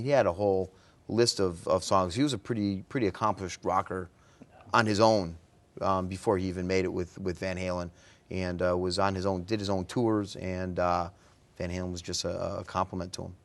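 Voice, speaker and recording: Male guest, very low voice, easygoing storyteller with lots of ums. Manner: relaxed, filler-heavy storytelling. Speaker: guest, music fan. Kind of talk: casual interview chat.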